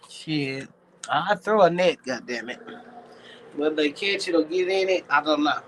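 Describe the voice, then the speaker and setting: A man's voice: fairly high pitch, normal speed, a bit bright, slight background noise, poor audio. A man with a Southern US accent, talking in a rambling, profane, reflective casual monologue as a streamer.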